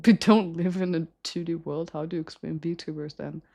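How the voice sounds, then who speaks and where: A woman's voice: low-pitched, steady tone, moderate pace, creaky, warm tone. A young woman streaming and chatting casually with viewers, giggling often and ranting with plenty of swearing. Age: young adult.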